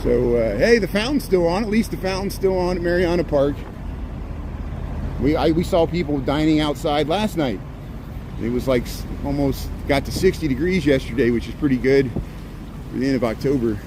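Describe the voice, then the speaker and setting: A walking-tour vlogger, a man with a highish voice at a moderate pace, rambles chattily through city streets on a casual live stream, tossing in sarcastic asides. He films on a handheld phone, and street noise and passing traffic come through.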